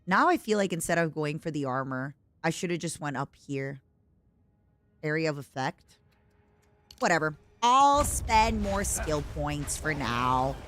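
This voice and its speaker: A woman streaming a video game, chatting in a playful, animated, rambling way. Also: low voice, a little slow, no room sound, faint music behind. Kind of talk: casual gameplay chat.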